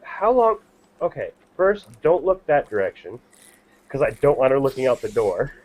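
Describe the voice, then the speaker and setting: A joking tabletop player whose voice leaps lively up and down. They laugh often between lines. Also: medium pitch, normal speed. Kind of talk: playing a tabletop game.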